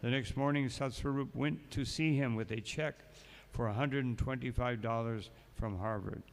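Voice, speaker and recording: A man's voice: mid-range voice, fairly even intonation, moderate pace. A man giving a morning sermon as a monk, telling stories and breaking in with asides. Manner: storytelling, reads passages aloud then adds asides. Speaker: monk lecturer. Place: temple hall. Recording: long echoing hall.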